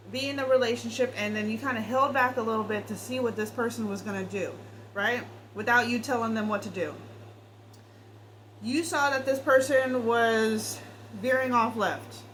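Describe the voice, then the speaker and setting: A woman's voice: on the high side, a bit bright, a little hiss or hum, rough recording. Blunt, chatty woman reading tarot. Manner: blunt, swears freely, talks straight to the viewer. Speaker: tarot reader.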